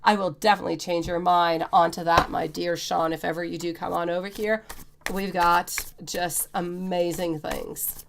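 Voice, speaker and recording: A woman's voice: on the low side, flat delivery, moderate pace, creaky, noisy background. A woman, chatting on a live-stream tarot reading and calling her viewers sweetie. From Quebec, Canada. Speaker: tarot reader.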